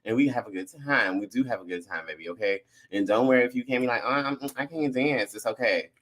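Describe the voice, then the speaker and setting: A man co-hosting a casual chat show and teaching dance, sassy and playful with drawn-out slang. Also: fairly low pitch, fairly bright tone. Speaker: co-host and dance instructor.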